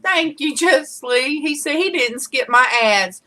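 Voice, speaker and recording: Lady hosting a live stream, slow easy talk, bright voice, chatty and laughing a lot. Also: high voice, animated, low-quality recording. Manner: chatty, greets viewers by name, laughs easily. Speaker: livestream host. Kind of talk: casual livestream chat.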